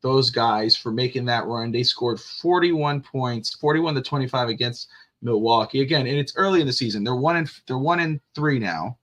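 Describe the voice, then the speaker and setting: A man's voice: mid-range voice, normal speed. A middle-aged man co-hosting a casual sports talk show, telling stories and acting out what people said. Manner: animated storyteller, acts out quotes. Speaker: podcast co-host.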